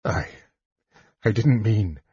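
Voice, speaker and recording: A man's voice: fairly low pitch, takes it slowly, slightly rough, dry recording, distant mic, full character voice. A man doing a weak, faltering wounded warrior. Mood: hesitant. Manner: soft, hesitant. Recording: dull lo-fi dry recording.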